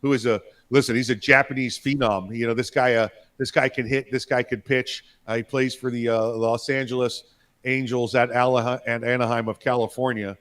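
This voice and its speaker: A man's voice: medium pitch, level tone, normal speed, fairly bright tone. A man co-hosting a political talk show, speaking emphatically in a rambling way with frequent restarts and repeated words. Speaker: co-host.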